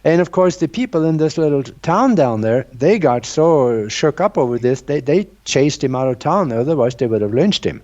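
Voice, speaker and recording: A man with a mellow, dark voice talks earnestly, walking the listener through his ideas like someone sharing a secret. The sound is dull and lo-fi. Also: fairly high pitch, lively intonation, normal speed, few pauses. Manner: earnest, explanatory, storytelling. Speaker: guest researcher. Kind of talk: conversational interview.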